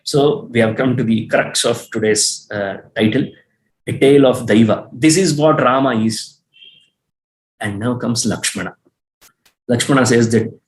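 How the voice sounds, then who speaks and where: The recording is rough, and the man speaks a little slowly in a mid-range voice. Acting as a teacher and storyteller, he lays out an epic lecture-style, earnest throughout, hammering points through repetition and occasionally starting a sentence over.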